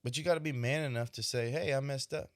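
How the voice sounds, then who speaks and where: A fast-talking young man at medium pitch hosts a podcast and reflects conversationally on his thoughts as an expecting father. He leans on "right?" often. The recording is dry and of studio quality.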